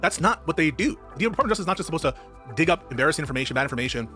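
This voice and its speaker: A man's voice: on the high side, animated, rapid-fire, bright, forceful tone, soft background music. A man on a political debate panel, arguing in a firm, explanatory way.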